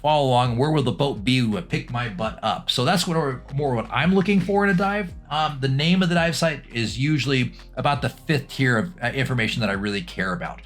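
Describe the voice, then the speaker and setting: A man's voice: mid-range voice, lively intonation, a little fast, few pauses, a bit bright. A middle-aged man, a scuba instructor, chatting through a dive review with lots of ums and restarts. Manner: casual, chatty, with many fillers and restarts.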